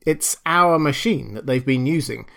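A man's voice: mid-range voice, measured pace, gravelly, fairly bright tone. A man voicing Chuck, a nervous and urgent young computer engineer, in an audiobook reading. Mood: uneasy.

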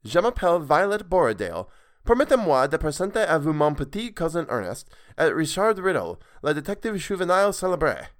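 A man putting on a prim, bright schoolgirl voice. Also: a little high, animated, normal speed, few pauses, pitched above the performer's own voice, lightly acted. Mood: careful French. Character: prim bossy young English girl with fossils.

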